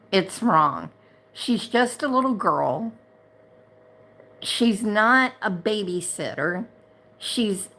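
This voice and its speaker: Middle-aged woman, unhurried drawl, indignant and repetitive, casual livestream chat. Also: medium pitch, fairly bright tone. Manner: chatty, heated and indignant, repeats herself. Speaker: livestream host and chat moderator.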